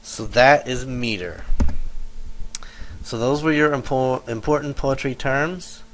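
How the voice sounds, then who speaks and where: A man's voice: mid-range voice, takes it slowly, fairly bright tone, slight background noise, poor audio. A male teacher giving a lesson, explaining step by step and correcting himself as he goes. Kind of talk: lecture over slides.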